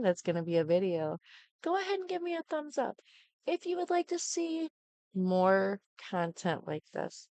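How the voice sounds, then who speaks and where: A woman's voice: fairly low pitch, no echo. A middle-aged woman hosting a live stream, chatting casually and rambling with lots of fillers.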